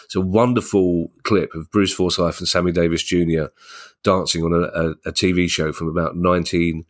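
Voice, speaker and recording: Deep-voiced, enthusiastic male co-host. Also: steady tone, brisk. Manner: enthusiastic, rambling. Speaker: podcast co-host. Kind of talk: casual chat.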